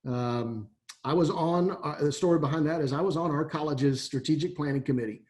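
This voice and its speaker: A man's voice: on the high side, a little fast, darkish tone. A middle-aged man from Texas, an athletic director giving a folksy, rambling webinar talk over a video call, full of fillers and restarts. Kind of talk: webinar presentation.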